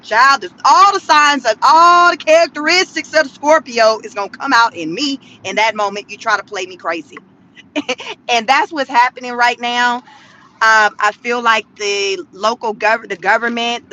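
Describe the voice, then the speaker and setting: A woman with a high, bright voice talks straight to her viewers from inside a car. Her commentary is sassy and animated, and she laughs often between points. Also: moderate pace, dull audio, a little hiss or hum. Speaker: vlogger commenting on the news. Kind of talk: casual commentary vlog.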